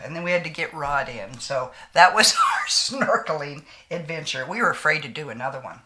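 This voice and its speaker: A woman's voice: sits low, wildly swooping pitch, fairly quick, few pauses, bright, forceful tone. A woman, chatting casually and telling folksy stories while doing her makeup, with a slight lingering cough. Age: 60s. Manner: chatty storyteller with frequent laughs and folksy sayings. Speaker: beauty vlogger.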